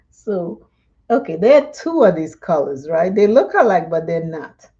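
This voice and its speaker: A woman's voice: on the low side, big pitch swings, slow pace, dark tone, dull audio. A woman from Dominica, chatting and telling stories during a live makeup tutorial and laughing often. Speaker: makeup vlogger.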